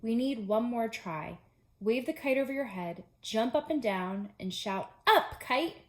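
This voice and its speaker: A calm, patient male frog speaks in a steady, encouraging way and drops to a hush for a spooky story, as a woman reads him aloud. He is a gentle character in a children's storybook. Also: on the high side, a little slow, roomy sound.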